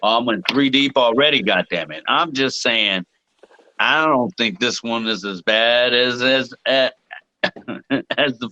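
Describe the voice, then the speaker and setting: A man's voice: mid-range voice, takes it slowly, bright, forceful tone, dull audio. A man co-hosting a podcast, bantering in casual chat with heavy swearing. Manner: profane, emphatic banter. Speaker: podcast co-host.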